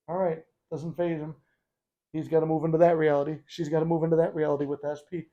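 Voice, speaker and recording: Guy hosting a self-help channel, kinda high voice but mellow tone, blunt and chatty, swears a bit. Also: flat delivery, fast talker, highs cut off. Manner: conversational, blunt, swears casually. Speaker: host. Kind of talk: casual motivational talk.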